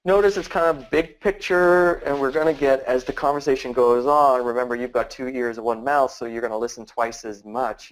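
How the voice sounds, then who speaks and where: A man's voice: medium pitch, poor audio. A man giving a casual training talk on prospecting, acting out sample questions in a shifting, curious tone. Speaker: business trainer.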